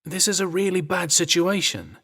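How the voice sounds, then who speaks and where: A man's voice: high voice, sing-song, normal speed, vocal fry, sharp tone, breathy edge, voice pushed up, full character voice. A man voicing an exasperated young male royal guard in a romance audiobook. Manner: muttering, exasperated. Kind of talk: audiobook character voice.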